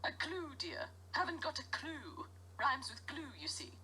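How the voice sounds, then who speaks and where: A woman's voice: sits high, big pitch swings, measured pace, bright, forceful tone, a little hiss or hum, full character voice. An actress playing a refined, teasing older English lady in a mystery game. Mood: amused. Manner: refined, teasing, theatrical laughter. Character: genteel older English lady, fond of rhymes.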